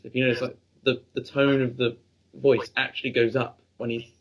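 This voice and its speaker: A man co-hosting a review podcast, talking in an admiring, halting casual way. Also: medium pitch, level tone, rough recording. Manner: admiring, hesitant with restarts. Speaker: podcast co-host.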